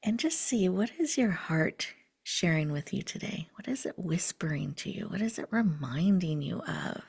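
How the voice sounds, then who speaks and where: In an animated but soft, unhurried low voice, a woman hosts a guided breathing meditation. She regularly falls into breathy half-whispers, with a gravelly quality running through her tone.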